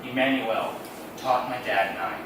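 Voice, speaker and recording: A man telling comic personal stories on stage with a wry, deadpan delivery. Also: mid-range voice, moderate pace, heavy background noise. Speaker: storyteller. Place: theater stage. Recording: echoey room, distant mic, loud background.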